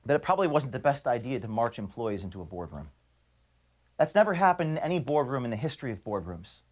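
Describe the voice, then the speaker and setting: A man, the founder of an organization, reading an earnest, measured video statement to his staff from his office. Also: medium pitch, very animated. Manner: earnest, measured, grievance-laden. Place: office at headquarters.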